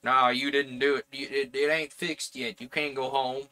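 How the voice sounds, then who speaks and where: A man voicing a pushy, guilt-tripping older relative who nags and whines in a put-on rough accent. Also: medium pitch, little pitch movement, slow, darkish tone, close to an everyday voice. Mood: indignant.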